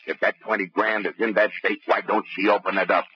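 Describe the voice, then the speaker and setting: A deep, gruff gangster henchman. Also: level tone, a little fast, dry recording. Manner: blunt, rough slang. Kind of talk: 1940s radio acting. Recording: muffled old radio broadcast with hiss.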